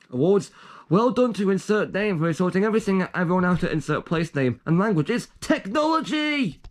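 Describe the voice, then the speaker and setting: A man's voice: medium pitch, a little mellow. A young man casually reading out his own joke documents, rambling and trailing off with self-aware asides. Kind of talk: casual commentary.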